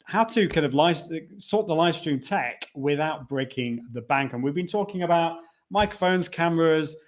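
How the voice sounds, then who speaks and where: Chatting casually from a conference venue, a man hosts a live video show and reads viewer comments aloud as he goes. His voice is a little high with lively intonation, and he keeps a moderate pace in this relaxed live-stream chat.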